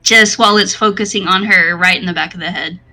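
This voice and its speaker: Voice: medium pitch, a little fast, pushed and bright, soft background music. A player in a tabletop game describing their character's attack in a laid-back way. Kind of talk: casual tabletop game chat.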